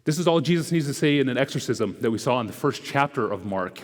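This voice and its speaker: A male preacher giving a conversational sermon, tossing in rhetorical asides and swinging between loud, quick bursts and hushed, slow lines. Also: mid-range voice, expressive. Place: church sanctuary. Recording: echoey church hall.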